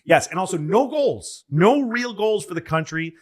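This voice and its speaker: A man's voice: sits high, expressive, moderate pace. Rambling man on a comedy podcast. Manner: rambling, loses his train of thought, acts out quotes loudly. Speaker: podcast co-host. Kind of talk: casual comedic rambling chat.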